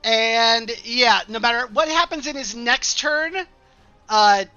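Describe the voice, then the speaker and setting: A player in a tabletop game talking in an excitable way. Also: mid-range voice, slow, smooth, muffled recording, faint music behind. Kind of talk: casual tabletop role-play.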